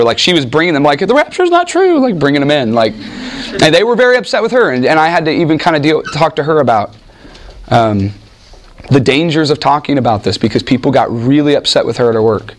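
A man teaching a Bible class in an animated, informal way, restarting sentences often and acting out what people say. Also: fairly high pitch. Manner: animated, with frequent restarts and acted-out quotes. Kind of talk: informal teaching talk with anecdotes.

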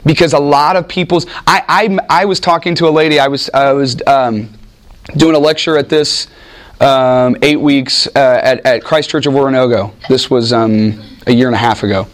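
A man teaching a Bible class in an animated, informal way, restarting sentences often and acting out what people say. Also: mid-range voice, moderate pace. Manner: animated, with frequent restarts and acted-out quotes. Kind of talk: informal teaching talk with anecdotes.

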